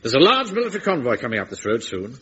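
An actor playing a pompous, blustering Home Guard captain in a vintage radio comedy. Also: male voice, mid-range voice, huge pitch swings, very fast, fairly bright tone, slight background noise. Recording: dull vintage broadcast recording.

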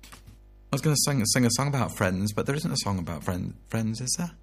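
A man's voice: fairly low pitch, expressive, brisk, faint music behind. A man chatting in a playful, self-mocking comic monologue, full of sing-song asides and jokes.

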